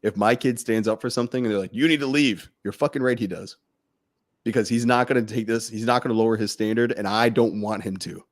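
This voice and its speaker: A man's voice: fairly low pitch, steady tone, quick pace. A man co-hosting a podcast, talking bluntly with swearing and building to heated outbursts. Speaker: podcast co-host. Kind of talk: impassioned podcast rant.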